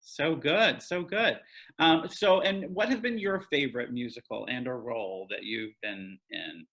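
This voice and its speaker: A man's voice: medium pitch, unhurried, creaky, a bit bright. A man hosting a casual online interview show, upbeat and effusive, repeating his praise. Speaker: host.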